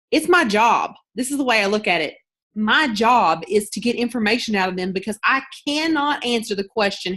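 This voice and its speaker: Lady running a team video call, chatty, lots of fillers and restarts, mid pitch. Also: a bit bright. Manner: chatty, loose and storytelling, with filler words and restarts. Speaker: team leader hosting a sales call. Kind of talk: casual talk on a group video call.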